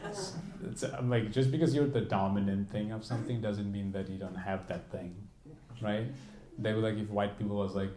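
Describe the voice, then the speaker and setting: Teasing stand-up comedian, echoey club. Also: male voice, on the low side. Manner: teasing, quick crowd banter with laughs. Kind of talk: stand-up crowd work. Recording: echoey club with loud audience noise. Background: audience laughter.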